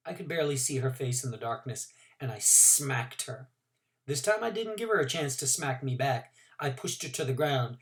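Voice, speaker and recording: A male teacher reads a novel aloud to his class, narrating in the first person with plenty of expression. His pitch rises and falls a lot, and his pace shifts with the story. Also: animated, a little fast.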